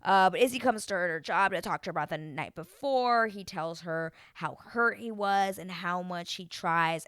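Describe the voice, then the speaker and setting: Animated woman recapping reality TV. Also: fairly low pitch, no echo, studio quality. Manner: animated, mimics the people she describes. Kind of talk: casual chat.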